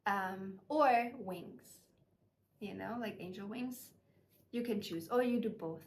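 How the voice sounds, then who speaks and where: A young woman channeling spiritual messages in a casual, gushing vlog voice, full of fillers and warm emotion. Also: mid-range voice, slow pace.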